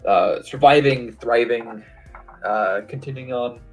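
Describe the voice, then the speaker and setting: A man's voice: mid-range voice, slow pace, faint music behind. A man taking part in a tabletop game, chatting casually and wryly in character. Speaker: player.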